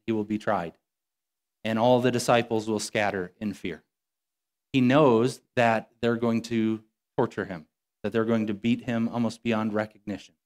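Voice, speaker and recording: A man preaching a sermon as a pastor, earnest and conversational, slowing down and growing quieter when he quotes scripture. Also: on the low side, fairly even intonation.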